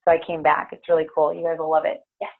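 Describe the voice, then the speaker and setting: This time the meditation leader's voice is low, gravelly and monotone, and she talks quickly. Her casual, filler-heavy rambling gives way to a guided grounding meditation, all captured in tinny, phone-quality lo-fi sound.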